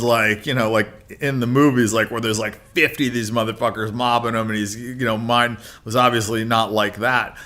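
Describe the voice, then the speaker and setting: A man's voice: mid-range voice, bright, forceful tone. A man in his thirties telling a rambling, profane story as a podcast guest, full of "like" and "you know". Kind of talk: casual storytelling.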